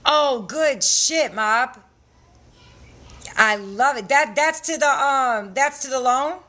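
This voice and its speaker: This young woman's voice sits high, bright and forceful, and she takes her time. Hosting a laid-back livestream to sell credit classes, she speaks bluntly, curses plenty, and laughs a lot.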